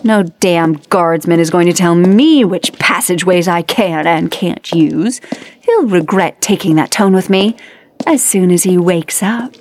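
An actress playing a bold, indignant young princess in a radio play. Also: female voice, fairly low pitch. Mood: defiant. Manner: brisk, indignant, lively.

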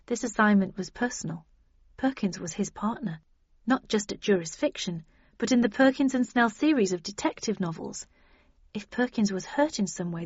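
A woman's voice: mid-range voice, breathy edge, no room sound. Woman narrating an audiobook evenly. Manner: measured, even storytelling. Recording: dry, slightly dull audio.

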